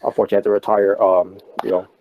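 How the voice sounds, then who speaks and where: A man's voice: on the low side, level tone, very fast, phone-quality sound, slight background noise. A man co-hosting a podcast, rambling in casual wrestling talk with many restarts and fillers. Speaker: podcast co-host.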